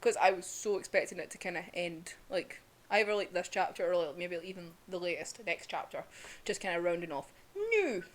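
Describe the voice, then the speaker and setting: A woman's voice: on the low side, expressive, a little fast. A young woman, ranting casually and emotionally in a vlog, laughing often and swearing. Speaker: vlogger reviewing manga.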